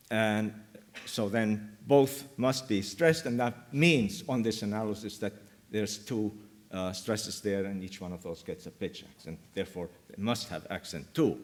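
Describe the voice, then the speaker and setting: Male academic presenter, unhurried delivery, hesitant, frequent fillers. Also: fairly low pitch. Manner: slow, many ums and uhs, pauses mid-phrase. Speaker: linguistics lecturer. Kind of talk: academic conference talk. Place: lecture hall.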